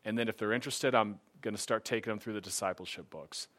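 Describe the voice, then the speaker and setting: A middle-aged man with a slightly low voice shares his personal testimony in an easygoing, conversational way. He sounds earnest and grows more animated when he quotes others. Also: fast. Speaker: speaker sharing a personal faith testimony. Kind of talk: casual personal testimony talk.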